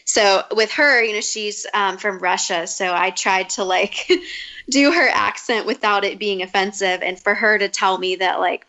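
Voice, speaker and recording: A young adult woman chatting as a podcast guest, upbeat and talkative with quick asides. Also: mid-range voice, sharp tone, rough recording. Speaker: podcast guest, comedic video creator. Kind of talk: casual podcast chat.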